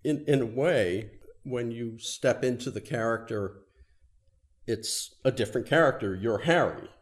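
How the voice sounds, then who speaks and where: A man's voice: medium pitch, measured pace. A man interviewing stage actors, asking questions in a curious, conversational way.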